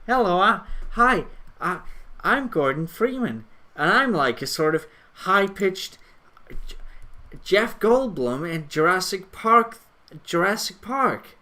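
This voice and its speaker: A nerdy male hero with a raised, strained voice, stumbling over his words and circling back on himself, as a man puts him on for a laugh. The tone is bright and edgy, and the delivery is louder than plain chat. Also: sits high, expressive, voice pushed up, heavily acted. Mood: rambling. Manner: halting, stammering, repeats words. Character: nerdy high-pitched man rambling like a famous actor. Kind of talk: comic impression on a live stream.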